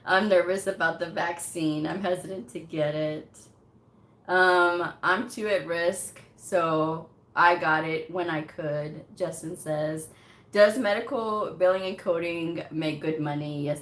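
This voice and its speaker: A woman from Texas talks casually to her livestream audience, reading comments aloud and laughing often. Her voice sits a little low. The room around her is noticeably echoey. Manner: chatty, laughs often, many fillers. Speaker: medical coding livestream host.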